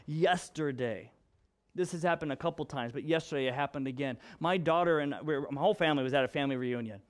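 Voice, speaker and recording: A male pastor preaching a sermon with personal storytelling, in an expressive, conversational way that moves between emphatic and hushed. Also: on the high side, fast talker. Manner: conversational with restarts and fillers.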